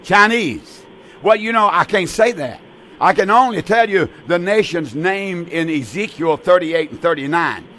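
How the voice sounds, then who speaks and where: A man's voice: sits high, expressive, a little slow, bright, forceful tone. A man in his eighties hosting a call-in radio program, preaching earnestly with many restarts and repeated words. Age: 80s.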